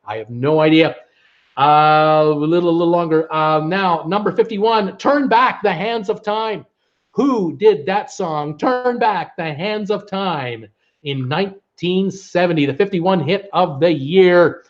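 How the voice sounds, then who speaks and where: A man's voice: high-pitched, measured pace. A man hosting a live trivia stream, chatting casually with viewers and humming bits of old songs. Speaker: host of a live trivia show. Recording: dull lo-fi stream audio.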